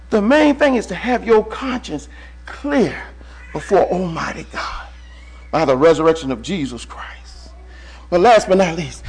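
Calling out "brother" to his congregation, a preacher alternates between shouting and near-whispers. He has a high, animated, creaky voice and speaks at normal speed.

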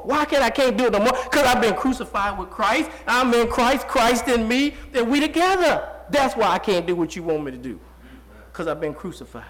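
Throwing rhetorical call-and-response questions at his congregation, a pastor in his forties gives a homey, chatty sermon. He speaks at a moderate pace in a very high-pitched, animated and somewhat bright voice.

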